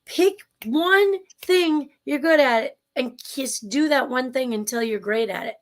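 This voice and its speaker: A woman with a Minnesotan accent co-hosts a livestream show, chatting casually and enthusiastically over a video call. She rambles and restarts her sentences, speaking in a high, unhurried voice.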